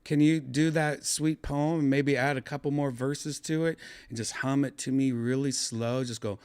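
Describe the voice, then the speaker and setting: A man hosting a podcast, joking around with an AI voice in rambling, halting casual talk full of fillers. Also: mid-range voice, fairly even intonation, a little mellow, smooth. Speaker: podcast host.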